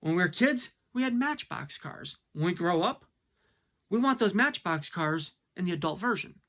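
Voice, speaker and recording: A man's voice: high-pitched, very animated, moderate pace, fairly bright tone. A man giving a blunt, casual opinion monologue, full of fillers and rhetorical questions. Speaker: commentator.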